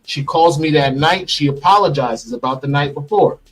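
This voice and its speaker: A middle-aged man telling a personal story in an interview, animated and acting out the lines he quotes, played from a clip. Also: a little high, moderate pace, rough recording. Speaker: interview guest.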